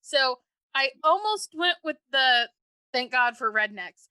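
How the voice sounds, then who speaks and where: A woman co-hosting a podcast, telling stories in an animated, casual way. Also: sits high, slow, clean tone, dry recording. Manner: animated storyteller. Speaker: podcast co-host.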